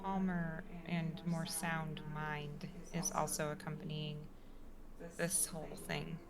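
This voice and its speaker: A woman's voice: deep voice, flat delivery, slow, creaky. A woman playing a tabletop game, phrasing her words carefully. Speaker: player. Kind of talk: tabletop role-play.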